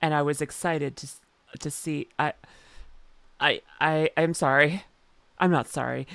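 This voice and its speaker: A woman's voice: sits low, unhurried, creaky, long pauses, no room sound. Gushing woman reacting to a video. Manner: gushing, excitable, rambling. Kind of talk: reaction commentary.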